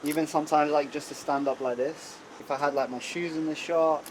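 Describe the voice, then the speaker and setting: A young content creator with a fairly high, fairly even voice speaks a little fast in a casual vlog, loosely describing his day in a coffee shop. He leans on "like" and "you know," and background music plays under slight background noise.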